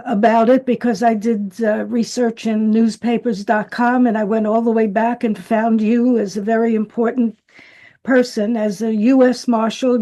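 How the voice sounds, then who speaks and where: A woman's voice: on the high side, warm tone. A woman hosting an interview, effusive and chatty, with many fillers. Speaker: interview host. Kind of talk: casual video interview.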